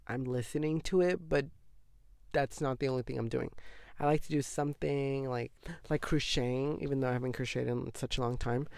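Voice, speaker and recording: Chatty nineteen-year-old guy, vocal fry. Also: medium pitch, darkish tone, dry recording, studio quality. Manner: gossipy and dramatic, heavy use of "like". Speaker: podcast host. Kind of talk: casual chat.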